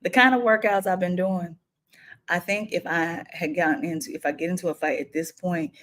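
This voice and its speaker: A woman, telling a personal story to camera in a lively, animated way. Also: lowish voice, fairly quick, a little hiss or hum. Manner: animated, acts out quotes, frequent laughs.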